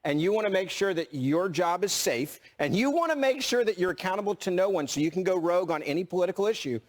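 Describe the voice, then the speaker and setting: A man's voice: sits high, animated, fast talker. A man speaking as a panel guest, emphatic, hammering points with repetition. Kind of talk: opinion panel talk.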